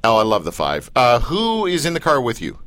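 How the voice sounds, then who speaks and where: A man's voice: mid-range voice, huge pitch swings, brisk, fairly bright tone, no room sound. A man hosting a radio show, teasing and joking with his guest. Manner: teasing, jokey. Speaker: radio host. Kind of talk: radio interview.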